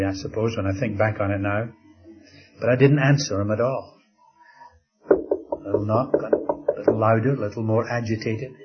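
An older man preaching a sermon, telling stories slowly and dramatically, dropping to a soft hush at times. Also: on the low side. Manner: slow, dramatic storytelling with soft drops to a hush. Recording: slightly dull lo-fi recording.

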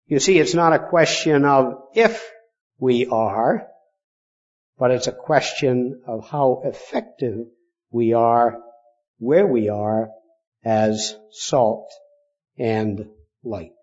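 A man preaching a sermon as pastor, speaking with deliberate pauses and stressing key words. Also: medium pitch, a little mellow, highs cut off. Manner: slow, deliberate delivery with pauses for emphasis.

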